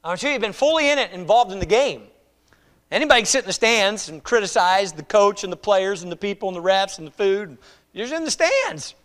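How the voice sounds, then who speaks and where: High-voiced man preaching a sermon. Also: fairly quick. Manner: conversational and animated, acting out quoted voices. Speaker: pastor.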